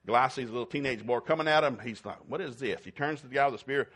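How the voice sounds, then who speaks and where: Quick-paced and a bit bright, with a slightly rough texture, a man's mid-range voice carries a sermon. He spins Bible stories in a folksy, humorous manner and acts out the characters in voice.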